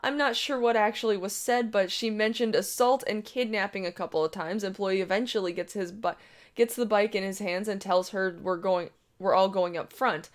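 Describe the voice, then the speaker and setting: Woman reading a reddit-style story out loud, brash and sweary, normal mid voice. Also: mid-range voice, fairly even intonation, moderate pace. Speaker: story reader. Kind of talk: reading an online story aloud.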